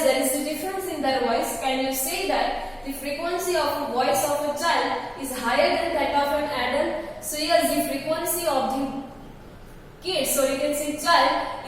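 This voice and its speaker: A woman teacher explaining a science textbook chapter, restating points over and over with frequent fillers. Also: sits high. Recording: echoey room, distant mic, faint noise.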